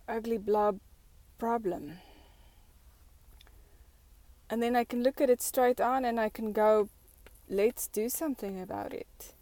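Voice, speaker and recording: A fairly high-voiced woman vlogger muses out loud in an unhurried, reflective monologue. She talks slowly, full of "like" and "you know," and often restarts her sentences. The sound is dry and close, with no room echo. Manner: thoughtful, many fillers and restarts.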